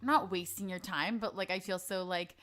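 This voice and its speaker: A woman's voice: fairly low pitch, steady tone, normal speed, fairly bright tone. A young woman from Canada, a podcast guest in casual chat, rambling with many fillers and giggles.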